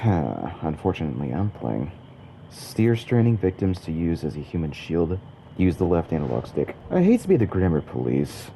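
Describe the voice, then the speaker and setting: A man's voice: deep voice, dark tone, a little hiss or hum. A man giving wry, sarcastic, nitpicky commentary while playing a video game. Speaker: gameplay commentator. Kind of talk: let's play commentary.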